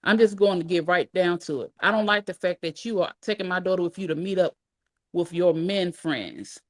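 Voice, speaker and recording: A woman's voice: lowish voice, lively intonation, normal speed, natural voice. A woman voicing a stern, furious grandmother who scolds and demands answers.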